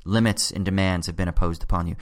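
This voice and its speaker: A man's voice: sits low, fairly even intonation, fast. Casual, profane man explaining philosophy. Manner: casual and profane, keeps checking in with "right?".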